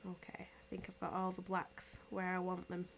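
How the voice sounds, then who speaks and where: A woman's voice: on the low side, monotone, moderate pace, gravelly, slight background noise. A woman from England with a strong regional English accent, chatting casually through a knitting tutorial and laughing easily. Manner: chatty, laughs easily, answers chat as she knits.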